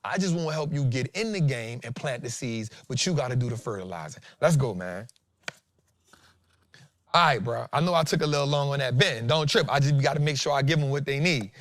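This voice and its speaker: A man in his 40s hosts a stock trading show, casually talking trades and breaking down charts. His fairly high voice is animated, emphatic and slangy, and he repeats lines for effect, recorded dry with no echo.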